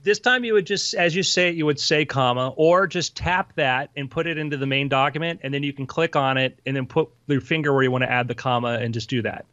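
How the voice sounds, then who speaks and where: A man's voice: fairly high pitch, a little fast, few pauses, a bit bright, no echo, lo-fi sound. A man who built a dictation app, patiently walking a host through it step by step in casual chat. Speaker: app developer guest. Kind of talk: explaining software in casual chat.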